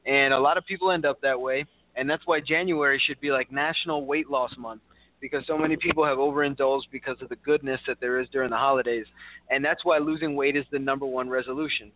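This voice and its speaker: A man's voice: medium pitch, dry recording. Chatty male radio host, tinny sound. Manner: chatty, laughing, quizzes his co-host. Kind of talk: casual radio talk.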